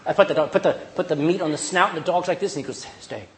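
A middle-aged male preacher with a high, lifted voice delivers a lively sermon. He drives his points home with repetition and slips into little acted-out scenes. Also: very fast. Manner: animated, acts out little scenes, emphatic repetition.

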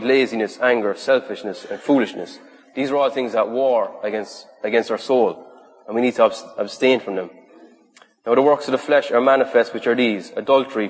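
Earnest man preaching in a hall. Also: medium pitch. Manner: earnest, conversational, with lists and rhetorical questions. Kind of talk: sermon to a youth group. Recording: reverberant hall.

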